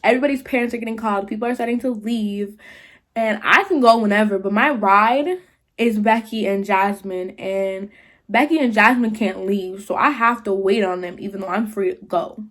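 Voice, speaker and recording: A young woman vlogger retelling a party story in casual slangy talk, full of "like", with animated jumps into quoted voices. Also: mid-range voice, moderate pace. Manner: slangy, filler-heavy, 'like' often.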